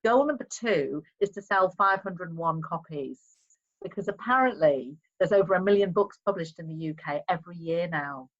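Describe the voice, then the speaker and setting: A woman with a soft Liverpool accent, a guest author chatting casually on a podcast in an upbeat way and laughing often. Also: on the low side, muffled recording. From England.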